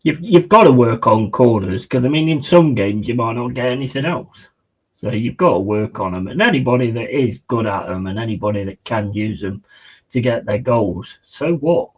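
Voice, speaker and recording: A man chatting excitedly and casually as he hosts a live football watch-along stream. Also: medium pitch, normal speed, breathy edge, low-quality recording.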